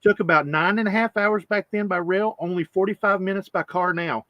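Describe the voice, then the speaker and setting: A man's voice: high-pitched, fairly quick, no room sound, lo-fi sound. A man hosting a casual coin-collecting live stream, rambling and greeting chat viewers by name.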